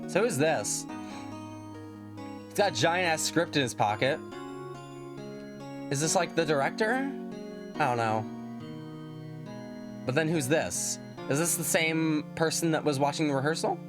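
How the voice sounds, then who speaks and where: Brief: wry, low-key woman streamer, low voice with lively inflection, game music underneath. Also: measured pace, long pauses. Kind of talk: casual game stream commentary.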